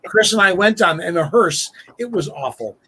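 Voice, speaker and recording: A man talks in casual chat with a lively, swinging pitch. He jokes bluntly in the manner of a self-styled skeptic and prankster. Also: normal speed, breathy edge, poor audio.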